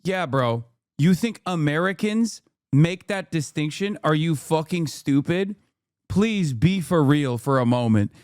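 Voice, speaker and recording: A man's voice: on the high side, lively intonation, a little slow, darkish tone, clear, resonant tone, dry recording, studio quality. A man in his thirties giving live-stream reaction commentary, ranting in a profane, incredulous way with sarcastic asides. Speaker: streamer reacting to clips and chat.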